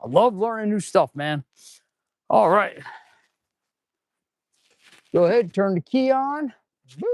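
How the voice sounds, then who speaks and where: A man's voice: high voice, lively intonation, slow pace, no room sound, studio quality. A man who is a mechanic, chatting casually on a live stream while he works in an auto repair shop, laid-back and calling viewers "dude.". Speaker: auto mechanic and channel host.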